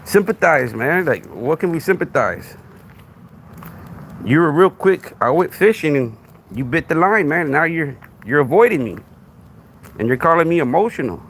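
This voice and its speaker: Man, Texan accent, gravelly, lively swinging pitch, confrontational, live stream host. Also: moderate pace, a little hiss or hum. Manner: confrontational, repetitive, rhetorical questions. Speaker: podcast host. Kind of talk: live stream talking to a commenter.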